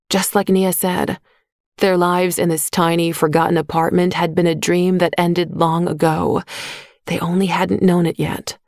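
A woman narrating a short story in a measured, even voice on a close microphone. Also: lowish voice, no echo. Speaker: audiobook narrator. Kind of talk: scripted narration.

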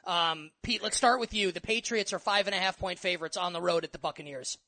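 A man's voice: high-pitched, quick pace, pushed and bright, no echo, rough recording. A man hosting a casual sports podcast, steering the talk with joking asides. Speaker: podcast moderator.

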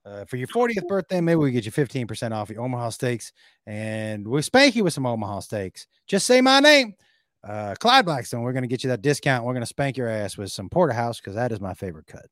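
A man's voice: medium pitch, very animated, a little fast, a bit bright, no echo, clean studio sound, pitched below the performer's own voice. A man voicing a boastful, folksy male country music star who hosts his own show and plugs himself. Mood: joking. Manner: folksy, self-promoting showman.

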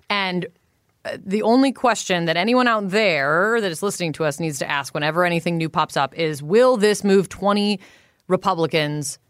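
A woman hosting a political podcast, steering the talk in a brisk, wry way. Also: fairly low pitch, no echo, studio quality. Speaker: podcast host. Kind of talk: casual political podcast chat.

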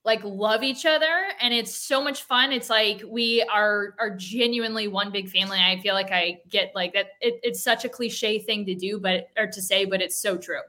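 Female co-host, chatty storyteller, crisp bright tone. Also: medium pitch, moderate pace, hardly any pauses. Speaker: podcast co-host. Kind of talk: casual chat.

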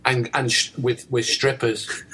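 A man's voice: medium pitch, flat delivery, measured pace, sharp tone, husky. A man hosting a podcast in casual banter, playful and teasing with his co-hosts. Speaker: podcast host.

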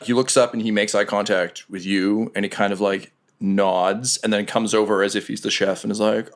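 A man running a tabletop role-playing game, narrating scenes in a lively way with frequent fillers. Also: lowish voice, normal speed, few pauses. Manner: lively storytelling with laughs and filler words. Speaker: game master.

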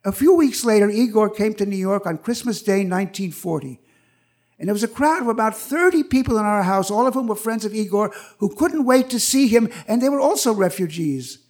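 Older man, live stage storytelling, high-pitched voice, animated, acts out voices. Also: fairly quick.

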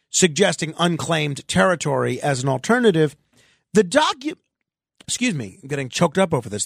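A talk radio host with a voice high for a man and a gravelly rasp at the edges comments sarcastically with mock exasperation, drifting into chatty asides. His studio mic sound is close and dry.

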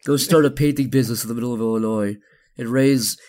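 A man's voice: mid-range voice, quick pace, a little mellow. A man guesting on a podcast, chatting casually and riffing in a rambling, profane, comic way. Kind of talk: casual chat.

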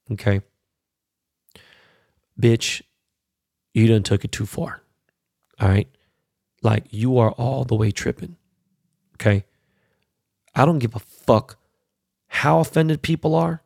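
A man's voice: fairly low pitch, slow, gravelly, pauses often, darkish tone, no room sound, clean studio sound. A man giving casual, profane, heated commentary as a podcast host, stressing points by repeating words.

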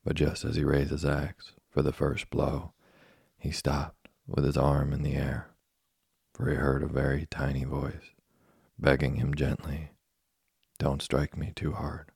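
Very deep, gravelly male sleep-story narrator. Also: monotone, unhurried, darkish tone, no echo, studio quality.

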